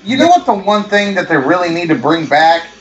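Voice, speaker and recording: A man's voice: sits high, very animated, a little fast, roomy sound, highs cut off, a little hiss or hum. A man co-hosting a casual podcast chat, eager and tripping over his words to make his point. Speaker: podcast co-host.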